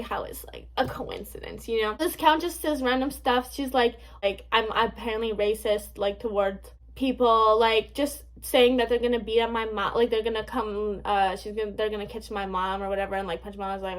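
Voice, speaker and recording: Profane, amused young woman vlogger. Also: on the high side. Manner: profane, filler-heavy, dismissive and amused. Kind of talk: casual storytime rant to camera.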